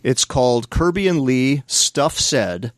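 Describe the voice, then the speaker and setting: A man's voice: mid-range voice, animated, takes it slowly, no echo, clean studio sound. A man hosting a podcast, introducing a guest in a casual, easygoing way. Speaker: podcast host.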